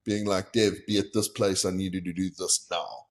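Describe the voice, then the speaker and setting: A young South African man, a guest on a podcast, speaks at a moderate pace in a low, steady voice. Candid and casual, he tells his story while retelling what others said in their quoted voices.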